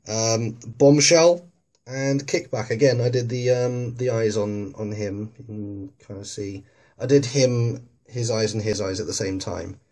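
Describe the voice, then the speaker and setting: A man's voice: lowish voice, measured pace, mellow. A man casually narrating a tour of his collection, rambling and correcting himself with plenty of ums, filming on a handheld camera in a dim room at home. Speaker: toy collector vlogger. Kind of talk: casual show-and-tell narration.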